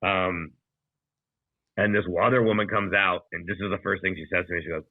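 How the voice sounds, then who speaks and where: A man spins a long, rambling comic story full of swearing and acted-out quotes. His voice sits a little low. He comes through a tinny, dry video-call line. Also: steady tone, brisk, no room sound. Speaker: comedian podcast co-host. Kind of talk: casual storytelling.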